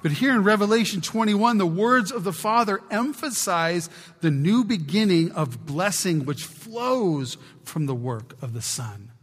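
A man preaching a sermon as pastor, exhorting his church and swinging from loud to hushed. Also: high-pitched, lively intonation, a little slow, slightly rough. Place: church sanctuary. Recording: long church reverb.

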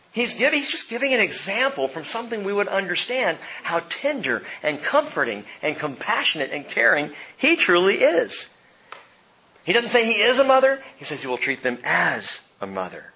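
A middle-aged man delivers a sermon in a bright, fairly high voice. He tells stories with wide swings from hushed to loud, and the recording sounds dull and lo-fi. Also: very animated, normal speed. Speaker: pastor.

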